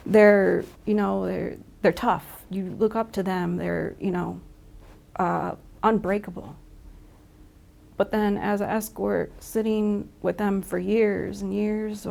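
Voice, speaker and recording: A middle-aged woman speaking candidly in an interview, halting and reflective, often restarting her sentences. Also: medium pitch, creaky, slight background noise. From Michigan.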